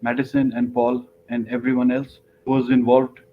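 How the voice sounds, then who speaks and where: A man's voice: medium pitch, monotone, normal speed. A man from Pakistan giving a remote talk over a video call, speaking hesitantly with many fillers. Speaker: guest speaker. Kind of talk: remote presentation. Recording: tinny call audio, faint noise.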